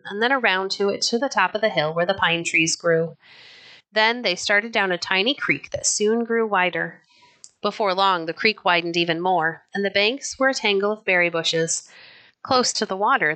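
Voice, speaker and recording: A woman narrating a children's novel chapter aloud in an even, unhurried storytelling manner. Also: mid-range voice. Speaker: audiobook narrator.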